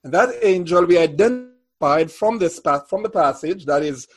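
A man preaching a sermon, reading scripture aloud and then expounding on it in a measured, deliberate way. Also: a little high, animated. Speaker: pastor.

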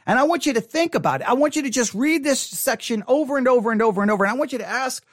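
A man with a fairly high voice teaches a Bible study, reading old scripture aloud and then unpacking it in loose conversational speech. He often repeats or restarts his words as he thinks. The sound is dry and close, with no room around it. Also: animated, rapid-fire, few pauses, dry recording. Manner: mildly critical of typical sermons.

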